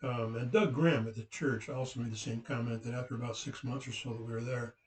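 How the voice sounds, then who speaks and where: A man's voice: mid-range voice, steady tone, fast, a little mellow. Man, West Coast, fatherly storyteller, meandering delivery, distant roomy sound. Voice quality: rambling, with many fillers and restarts. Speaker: father recounting family memories. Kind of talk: casual anecdotal storytelling.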